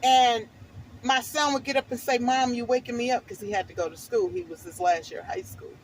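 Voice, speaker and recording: A woman's voice: a little high, sing-song, a little fast, a little hiss or hum, poor audio. A middle-aged woman vlogger telling a personal testimony in a fervent, preachy, emphatic way.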